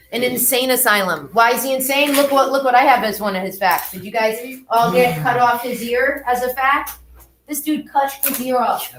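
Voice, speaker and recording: A woman's voice: high voice, echoey room, a little hiss or hum. Chatty woman art teacher in a classroom. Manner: chatty, talks straight to students.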